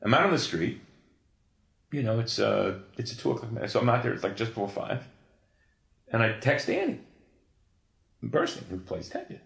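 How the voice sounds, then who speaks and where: A man in an interview, telling a long story in an animated, profane way, full of restarts. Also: medium pitch, normal speed, creaky, pauses often. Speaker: guest, comics creator. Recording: echoey room.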